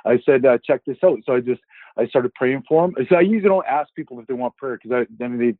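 A man's voice: mid-range voice, fast talker, no room sound. A man sharing a Christian healing testimony in a casual, rambling way, acting out the dialogue as he goes. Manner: rambling storyteller who acts out dialogue. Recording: dry, tinny phone-line sound.

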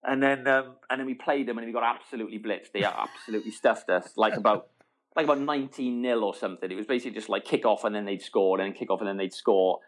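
A middle-aged man spins an animated story as a guest in a relaxed interview. He laughs often and keeps restarting his sentences as the story runs on. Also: on the low side, fast. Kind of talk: casual storytelling.

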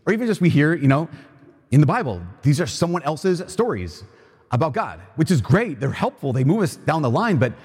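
A man's voice: a little high, breathy edge. Earnest man preaching in a reverberant cathedral. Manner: earnest, conversational, repeats phrases. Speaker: priest. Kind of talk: homily at Mass. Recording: long reverb of a large church.

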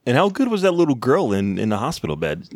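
A man with a mid-pitched voice talks animatedly in casual chat, quick to swear and gush. His voice sounds dry and close, with no room echo. He has the easy energy of a podcast co-host. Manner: enthusiastic, animated, swears freely.

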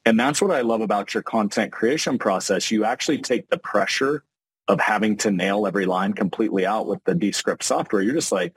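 A man hosting a podcast interview, a financial advisor talking animatedly and acting out quick examples. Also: on the low side, husky, no room sound, rough recording. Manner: animated, talks in quick bursts with acted-out examples.

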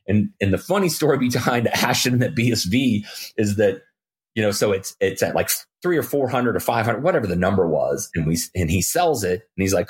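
A middle-aged man, a podcast guest, telling a story in casual talk and acting out the quoted lines with jumps in pitch. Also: fairly quick. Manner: animated, acts out quoted dialogue with jumps in pitch.

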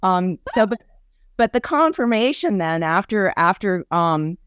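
Lively sixty-year-old woman telling stories. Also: medium pitch, unhurried, clear, resonant tone, no echo, clean studio sound. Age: 60s. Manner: lively, acts out the people she quotes. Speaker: guest speaker and ministry leader. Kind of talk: conversational storytelling.

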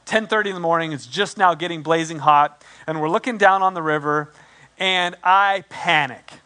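A pastor in his forties tells a story from the pulpit, lively and self-deprecating, slipping into the voices of the people he quotes. His voice sits high for a man and sounds bright and clear. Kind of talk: storytelling sermon.

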